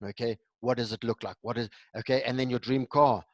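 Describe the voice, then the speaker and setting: A man's voice: mid-range voice, steady tone, fairly quick, dry recording. A man from South Africa giving a recorded motivational talk, enthusiastic and full of repeated rhetorical questions. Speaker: motivational speaker. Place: home during lockdown.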